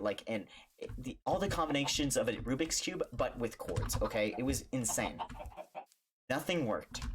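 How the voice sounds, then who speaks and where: A young man, a streamer, telling a story casually and animatedly, putting on high voices for the people in it. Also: a little hiss or hum.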